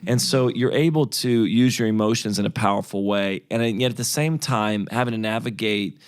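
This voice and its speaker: A man's voice: on the low side, brisk, smooth. A man hosting a podcast, asking questions in a thoughtful, searching way and often restarting his sentences. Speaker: podcast host. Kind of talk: casual podcast conversation.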